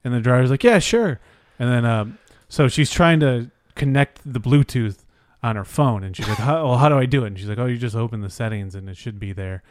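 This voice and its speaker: A man's voice: medium pitch, fairly quick, no room sound, studio quality. A man casually telling a rambling night-out story, swearing freely and acting out what people said. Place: Los Angeles area.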